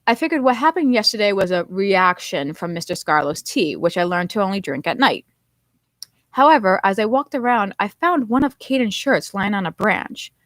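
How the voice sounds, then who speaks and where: A woman's voice: medium pitch, no room sound. A woman author reading her own novel aloud in first person, narrating expressively.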